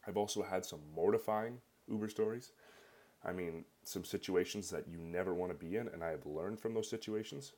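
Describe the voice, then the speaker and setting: A young Canadian man with a deep voice and a Canadian accent talks fairly quickly. He tells a personal story in a loose, rambling way, animated and packed with fillers.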